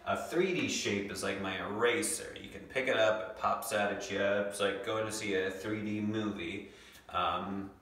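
A young man teaching a second grade lesson from home, patiently sounding out words slowly. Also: lowish voice, steady tone, fairly bright tone, a little hiss or hum. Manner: patient, slow, stretches out words to sound them. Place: home room. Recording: echoey room, mic far off.

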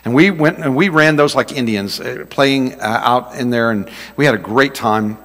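A man preaching a sermon as pastor, telling a story in an animated way and acting out shouts in a raised voice. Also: normal speed, long reverb tail. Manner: animated, acts out shouts and quotes in a high voice.

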